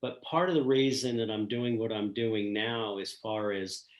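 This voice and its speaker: A man's voice: on the low side, steady tone. Older man, earnest storyteller, roomy sound. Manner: earnest, reflective, pausing often. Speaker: guest, retired school principal. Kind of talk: emotional personal storytelling. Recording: roomy echo.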